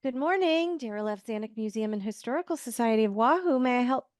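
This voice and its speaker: A woman's voice: a little high, expressive, fast, no echo, clean studio sound, natural voice. A woman reading a helpful small-town woman. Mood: polite. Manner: helpful, reassuring. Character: caring small-town woman museum worker. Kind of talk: virtual table read.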